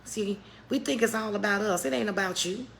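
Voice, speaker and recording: A woman's voice: medium pitch, fairly quick, vocal fry, slight background noise. A middle-aged woman giving a motivational faith talk on a live stream, preacherly and calling her viewers "baby". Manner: preacherly, calls viewers "baby", greets chat by name.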